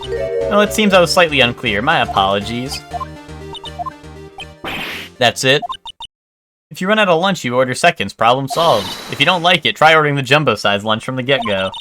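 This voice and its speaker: A man's voice: medium pitch, animated, normal speed, pauses often, close to an everyday voice. A man voicing a pompous, self-assured young male witness in a courtroom game, with game music behind.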